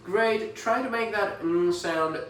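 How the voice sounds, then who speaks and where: A man's voice: sits high, fairly bright tone, roomy sound, recorded from a distance, slight background noise, poor audio. Encouraging British man coaching pronunciation. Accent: British English. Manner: encouraging, models words slowly and repeats them. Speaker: English pronunciation tutor.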